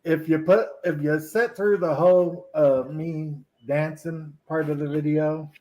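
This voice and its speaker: A man's voice: fairly high pitch, fairly even intonation, measured pace, a little mellow. A man hosting a livestream, teasing his guests and asking blunt questions. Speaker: streamer host. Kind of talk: casual group chat on a stream.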